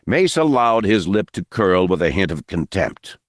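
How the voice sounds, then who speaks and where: A man with a deep, low voice narrating a novel audiobook. His delivery moves expressively through the sentences, recorded close and dry with no room sound. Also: big pitch swings, normal speed, dry recording.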